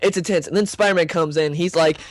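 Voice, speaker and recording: A man hosting a casual movie debate. He is opinionated and keeps acting out quoted lines in a higher voice. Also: fairly even intonation, quick pace, no room sound. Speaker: host.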